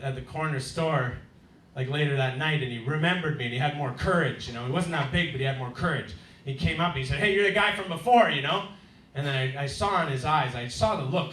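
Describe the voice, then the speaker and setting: A man's voice: on the high side, sharp tone, a little hiss or hum. Guy doing standup, wry storytelling, echoey club room. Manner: wry storytelling, acts out neighbours in raised voices. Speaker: stand-up comedian. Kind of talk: stand-up comedy set. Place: comedy club stage. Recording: roomy club sound, heard from a distance.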